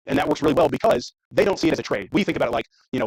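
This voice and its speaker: A man preaching a casual, conversational sermon in church while showing mission trip photos, talking fast and often restarting his sentences. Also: medium pitch, lively intonation, creaky, no echo, low-quality recording. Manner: fast, conversational, self-interrupting. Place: church sanctuary.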